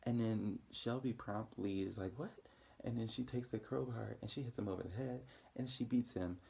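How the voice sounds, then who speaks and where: A man's voice: fairly low pitch, moderate pace, vocal fry, warm tone, a little hiss or hum. A man casually recapping a TV episode in a rambling way, with frequent ums and self-corrections.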